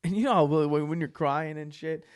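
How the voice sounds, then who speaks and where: A young man on a podcast with a fairly high voice, recorded close and dry with no room sound. He talks casually and with plenty of swearing, his storytelling swinging between hushed, emotional stretches and loud outbursts. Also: fairly quick, dry recording. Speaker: podcast co-host. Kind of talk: casual chat.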